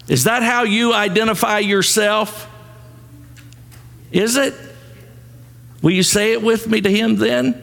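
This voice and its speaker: A man preaching slowly and deliberately, his voice gravelly with fry and pitched a little high for a man. He calls on the congregation to say lines back to him. The sound rings with a long hall reverb. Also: a bit bright. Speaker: pastor. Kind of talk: sermon.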